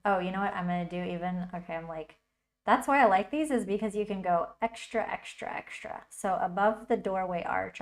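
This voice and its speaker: A woman hosting a casual livestream tutorial, chatting and thinking aloud as she works. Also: medium pitch. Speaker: tutorial host.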